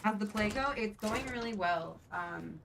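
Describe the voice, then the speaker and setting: A woman's voice: medium pitch, a little slow, gravelly, background noise. A tired young woman, a theater actor, explaining Shakespeare in sassy casual chat, with casual swearing. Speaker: guest on a game stream, theater actor.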